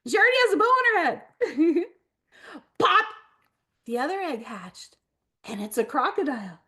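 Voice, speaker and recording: A woman author reading her picture book aloud to children, animated and expressive, gasping and laughing along. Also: sits high, moderate pace.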